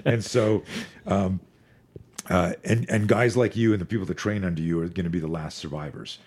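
A man in his forties, a fear management expert on a podcast, talking in an energetic, profane, storytelling way. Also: low-pitched, moderate pace, breathy edge. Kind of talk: podcast conversation.

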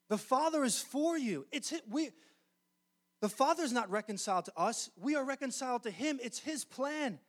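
High-voiced man preaching earnestly. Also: fairly bright tone. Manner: earnest, emphatic, often slowing down on key phrases. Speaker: pastor. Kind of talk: sermon.

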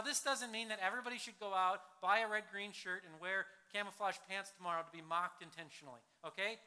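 A male pastor preaching a sermon, swinging between loud punchy emphasis and hushed low lines, acting out quotes as he goes. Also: clean tone. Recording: long hall reverb.

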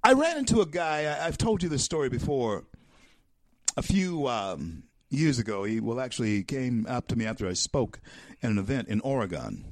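A man hosting a talk show, giving a political commentary monologue in a preacher-like way that builds to loud, emphatic peaks and calls his listeners folks. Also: medium pitch, big pitch swings, moderate pace, no echo, studio quality. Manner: addresses listeners as folks and my friends.

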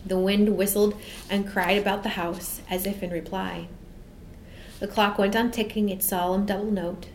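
A woman reads a classic children's story aloud, steady and expressive, in a middling voice. A faint hiss sits under the reading. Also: mid-range voice, poor audio. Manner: measured and expressive. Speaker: audiobook narrator.

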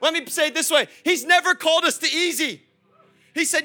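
A young man preaching a sermon, animated, swinging between loud calls and soft asides and talking straight to the congregation. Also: extremely high pitch, a little fast. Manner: acts out quoted voices, chats with the congregation. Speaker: pastor.

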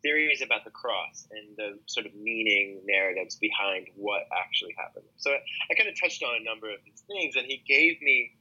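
A man answers interview questions in a rambling, thoughtful manner, circling back and restarting his sentences. His tone is very bright and forward. The recording is dull and lo-fi. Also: fairly low pitch, lively intonation, brisk, hardly any pauses. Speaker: musician and podcast guest. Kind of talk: casual interview talk.

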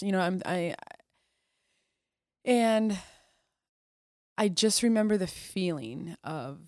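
A woman guest on a podcast telling her personal story in a candid, conversational way, with restarts and moments where she drops soft and quiet. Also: mid-range voice, slow, long pauses, no room sound, clean studio sound. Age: adult. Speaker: podcast guest, Air Force officer.

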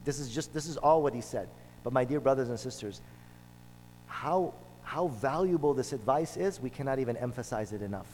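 A man's voice: mid-range voice, lively intonation, fairly quick, darkish tone, slight background noise. A man preaching a sermon, telling a story and driving points home with repeated phrases. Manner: storytelling, emphatic with repetitions. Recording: long hall reverb.

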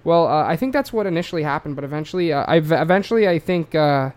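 A man's voice: fairly high pitch, lively intonation, quick pace, a little mellow, clean tone. An Australian man telling a true-crime story in a loose, rambling way, full of swearing and fillers. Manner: rambling, profane, lots of fillers.

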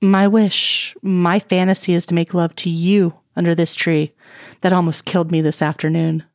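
A woman reading the lines of a flustered, lovestruck adult man in an audio story, halting and earnest. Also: lowish voice, little pitch movement, dry recording, clean studio sound, natural voice. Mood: tender.

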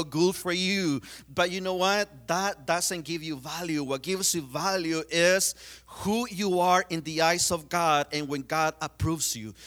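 Man preaching, high voice, bright tone, conversational delivery. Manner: conversational, many fillers, retells scenes. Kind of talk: sermon.

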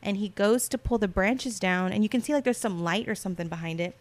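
A woman's voice: medium pitch, fast talker. A young woman telling her dreams in casual chat, rambling and full of fillers, acting out what people said. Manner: rambling, filler-heavy storytelling with acted-out quotes. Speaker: guest recounting dreams.

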